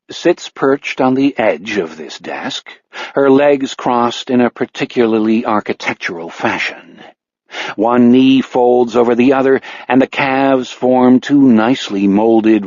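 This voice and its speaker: A man narrating an audiobook in a wry, measured storytelling manner. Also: mid-range voice, a little mellow, dry recording. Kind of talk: scripted narration. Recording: dry, slightly dull audiobook recording.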